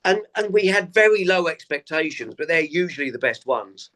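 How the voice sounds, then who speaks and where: A man, a stand-up comedian, telling tour anecdotes in a relaxed interview and acting out the people he quotes. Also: on the high side, moderate pace. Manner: animated anecdotes, acts out quoted voices. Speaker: comedian guest. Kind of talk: casual interview storytelling.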